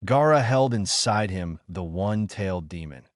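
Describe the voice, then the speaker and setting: A man reading a fan fiction story aloud as scripted narration, in a steady, even way. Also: low voice, normal speed, no echo, studio quality.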